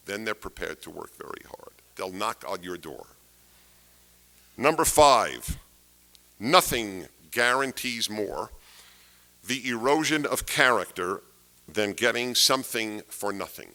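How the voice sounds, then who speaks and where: A man's voice: medium pitch, vocal fry, pushed and bright. A man giving a political lecture to an audience, emphatic and fond of rhetorical questions, repeating key phrases for weight. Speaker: speaker giving a talk.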